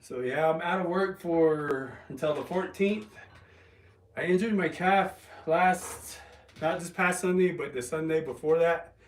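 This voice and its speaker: A man chatting casually on a livestream, rambling and halting with ums and restarts while resting an injured calf. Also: on the high side, slight background noise. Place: home, lifting weights while streaming. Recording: roomy, from a distance.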